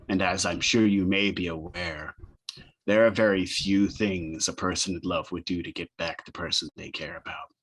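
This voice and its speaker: A man's voice: sits low, fairly bright tone. A man playing a grim male warrior who coldly threatens a captive he is interrogating. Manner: cold, deliberate threats.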